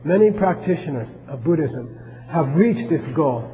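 A man's voice: on the high side, animated, measured pace, highs cut off, a crowd in the background. Man, Buddhist teacher, chatty classroom lecture, checks in with listeners, long hall reverb. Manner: keeps checking in with listeners, asking questions.

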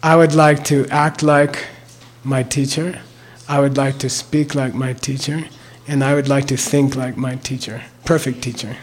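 Slow, deliberate older male teacher. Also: mid-range voice, flat delivery. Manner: slow and deliberate, repeats words and checks with "okay?". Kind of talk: mantra lesson, spelling out words.

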